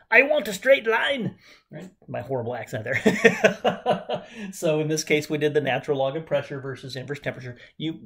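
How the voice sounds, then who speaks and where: A man teaching chemistry at a whiteboard, enthusiastic and jokey, talking straight to his students. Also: mid-range voice. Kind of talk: whiteboard lecture.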